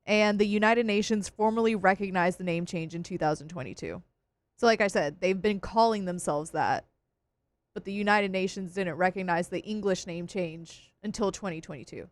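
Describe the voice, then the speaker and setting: A woman co-hosting a radio show, chatting casually and explaining things in a calm, matter-of-fact way. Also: mid-range voice, normal speed. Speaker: radio co-host. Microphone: studio microphone.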